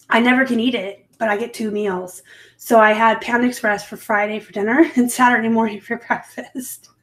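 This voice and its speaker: A woman from the West Coast chats through a casual live stream with a slightly high voice. She rambles from one thought to the next, and her phrases often lift upward at the end. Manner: chatty and rambling, upspeak at times. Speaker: live show host and reseller.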